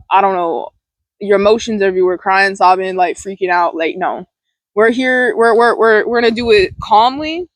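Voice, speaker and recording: A woman's voice: mid-range voice, a bit bright, no echo, poor audio. A woman vlogging outdoors about setting boundaries, blunt and profane, rambling with restarts. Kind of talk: casual self-help vlog. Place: outdoors near a large tree. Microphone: phone or camera recording herself.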